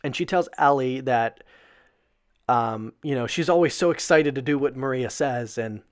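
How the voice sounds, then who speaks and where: A man casually recapping a wrestling show in a loose, filler-heavy way, swearing freely and breaking into excited disbelief. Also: mid-range voice, moderate pace.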